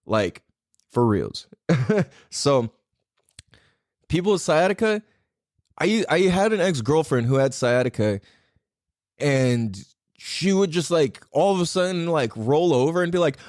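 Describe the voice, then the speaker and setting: Animated, foul-mouthed podcast host man. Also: a little high, measured pace, long pauses, no echo, clean studio sound. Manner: profane, animated, rambling. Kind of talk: casual podcast rant.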